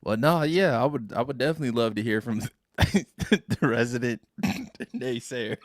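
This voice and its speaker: A man's voice: mid-range voice, normal speed, no room sound. A man who is a panel guest on a casual live-stream chat, laughing often and swearing freely.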